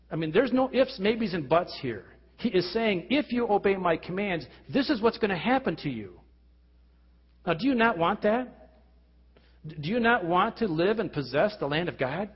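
Male pastor, slightly high husky voice, earnest sermon, lo-fi hall recording. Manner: earnest preaching with frequent restarts and rhetorical questions. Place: church hall. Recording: lo-fi recording with long hall reverb.

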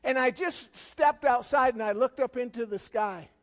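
A man preaching a sermon as a guest pastor, swinging between loud rising questions and quiet, low passages. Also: moderate pace, in a large hall. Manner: preaching with sudden loud rises and quiet drops.

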